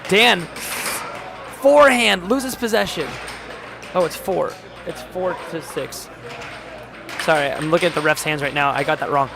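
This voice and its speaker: A man doing live-stream sports commentary, calling plays in quick bursts and reading chat aloud with jokes. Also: fairly high pitch, creaky, background noise. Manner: rapid play-calling, reads chat aloud, jokey. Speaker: play-by-play commentator. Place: home studio.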